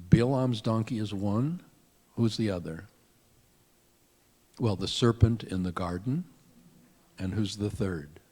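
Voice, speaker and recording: A man, a rabbi, giving a conversational storytelling sermon with lively asides. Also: on the low side, slightly rough. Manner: conversational, animated retelling with asides.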